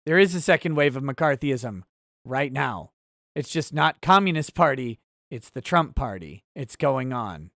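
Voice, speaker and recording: A man hosts a relaxed livestream, reading viewer chat aloud and answering in a wry, rambling way that gets easily sidetracked. His medium-pitched voice is a little slow with vocal fry, and the sound is clean studio audio without echo.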